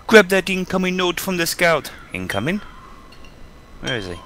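A man's voice: sits high, sing-song, moderate pace, bright, forceful tone. A man chatting and joking while playing an online game with friends, reading quest text aloud. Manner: joking, playful. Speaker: gamer.

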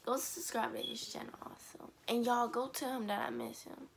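Teary, soft-spoken teenage girl vlogger. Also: fairly high pitch, big pitch swings, moderate pace, gravelly, slight background noise. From Atlanta, USA. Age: teens. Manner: emotional, soft and near tears, often half-whispered. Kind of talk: casual vlog talk to camera.

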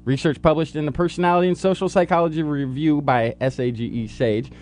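A man's voice: a little high, fairly even intonation, fast, darkish tone, faint music behind. A man co-hosting a college radio science talk show, joking and reading with playful drama. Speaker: co-host.

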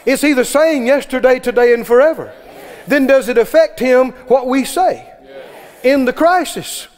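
A man's voice: extremely high pitch, moderate pace, big-room sound, a faint crowd. A man preaching a sermon to a congregation, with fervent, repetitive exhortation.

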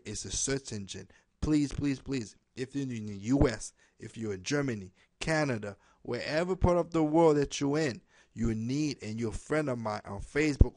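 A network marketer addresses his team in a direct-to-camera webinar pitch to friends and followers, pleading and repeating himself. His slightly broken, non-native phrasing drops words, and nearly every phrase ends with "okay?" The recording is dry, with clean studio sound.

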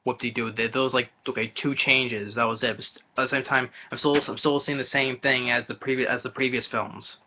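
Here the same kind of vlogger, a man reviewing movies, reacts to a trailer at a brisk clip with few pauses, his mid-range voice holding a steady tone. He trips over words, restarts and says things again out of exasperation, captured on a dull lo-fi recording.

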